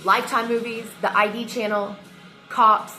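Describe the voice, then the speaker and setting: Woman going off on a rant while doing her makeup, higher voice, swears a lot, soft music behind. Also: level tone, moderate pace. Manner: heated and emotional, frequent swearing. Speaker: vlogger. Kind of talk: casual rant to camera.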